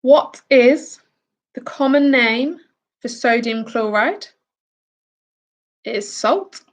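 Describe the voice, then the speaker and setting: A woman's voice: a little high, takes it slowly. A woman from the UK hosting a casual quiz, reading out each question and answer with chatty asides. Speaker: quiz host.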